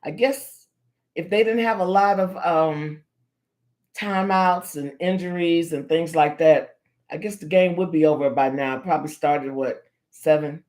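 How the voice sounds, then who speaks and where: A woman's voice: low-pitched, a little slow, darkish tone. A woman hosting a casual livestream chat, playful and teasing, laughing often as she talks to her viewers. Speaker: livestream host.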